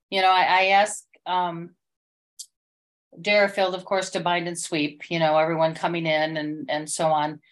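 A middle-aged woman recounts an experience in loose, rambling testimony. Her voice sits a little low, and she keeps restarting her sentences as the story gets emotional. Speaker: church member sharing an experience. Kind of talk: casual spoken testimony.

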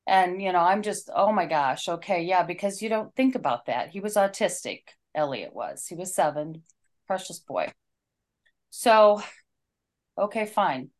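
Lady on a chat show telling a heartfelt story, kinda low voice, earnest. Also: sing-song, unhurried.

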